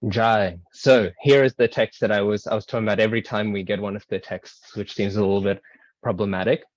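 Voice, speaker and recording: A man with a fairly low voice teaches a scripture class over a video call, explaining points loosely with frequent fillers and "right?" checks. The sound is dull and dry, like call audio. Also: steady tone, a little fast, no echo. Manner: explanatory, many ums and rights, asides. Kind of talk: casual online class lecture.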